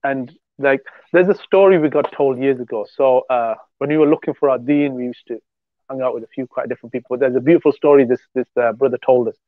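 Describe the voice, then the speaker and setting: A male podcast co-host rambles through a casual religious discussion, telling stories fast in a mid-range voice and restarting often. The sound is dry and tinny, like a phone, with no room echo.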